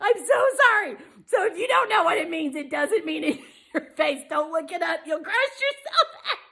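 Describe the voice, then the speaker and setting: A middle-aged woman, a pastor's wife leading a women's Bible study, telling a story casually to viewers, animated and laughing often at herself. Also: very high-pitched, moderate pace, gravelly.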